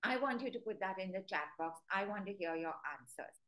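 A woman's voice: medium pitch, expressive, a little fast, a bit bright, poor audio. A woman giving a live webinar lesson as a dog trainer, chatty and quizzing her viewers. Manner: chatty, asks the audience direct questions; acts out stern and sweet commands to dogs.

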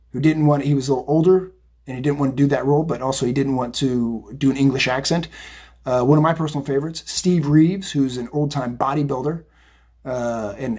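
Brief: middle-aged male tarot reader, rough breathy voice, loose chatty delivery. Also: mid-range voice. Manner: chatty, rambling, animated, says "right?" and "okay?" often. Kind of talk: casual tarot reading monologue.

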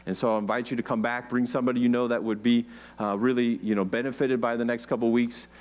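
An American man preaching a sermon as pastor, in a relaxed, conversational way, often asking his congregation questions. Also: medium pitch, fast talker. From United States. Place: church.

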